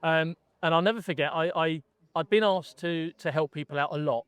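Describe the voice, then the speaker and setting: A man's voice: fairly high pitch, brisk, a bit bright, clean tone, no echo. A middle-aged man, a gun dog trainer from England, chatting casually as a podcast guest and telling his story with many restarts.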